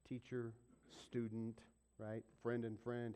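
Male pastor, sermon, mid-pitched voice, loud bursts and near whispers. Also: moderate pace. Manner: dynamic preaching, swinging from loud emphasis to whispers.

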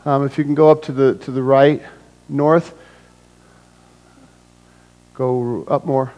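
A male pastor delivering an animated sermon. He swings between big, almost shouted bursts when he acts things out and quiet, low-voiced stretches when he gets serious. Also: slow, lo-fi sound. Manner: animated, acts out scenes with sudden loud bursts; drops to a hushed low voice for serious points.

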